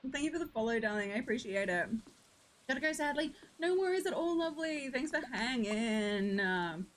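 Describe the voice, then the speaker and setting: Chatty young woman streamer, lively pitch. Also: normal speed, slight background noise, rough recording. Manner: chatty and affectionate, greets viewers as "lovely" and "darling". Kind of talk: casual live-stream chat.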